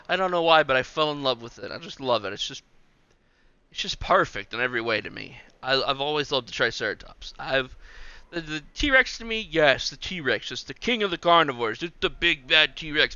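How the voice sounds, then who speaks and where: Bright-voiced man chatting over gameplay. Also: on the high side, clean tone, no room sound. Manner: rambling, chatty, talks to the game. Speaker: game streamer. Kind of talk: casual gameplay commentary.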